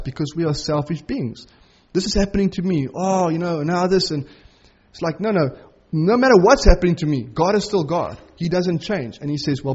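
Middle-aged male preacher, husky and a touch high, earnest, stretches key lines; muffled lo-fi capture. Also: a little mellow. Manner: earnest, conversational preaching with dramatic slowdowns on key phrases. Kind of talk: sermon.

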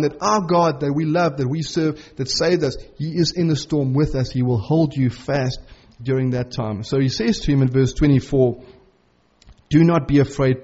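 A middle-aged man preaching a sermon in an earnest, conversational way, slowing right down on key phrases. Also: a little high, a little mellow, breathy edge, lo-fi sound.

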